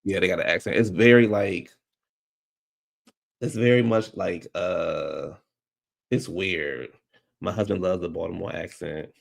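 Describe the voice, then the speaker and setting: A man's voice: deep voice, a little slow, creaky, long pauses. A man hosting a livestream, chatting casually and rambling loosely with lots of fillers. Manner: rambling and loose, full of "like" and restarts. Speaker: livestream host. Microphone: streaming microphone.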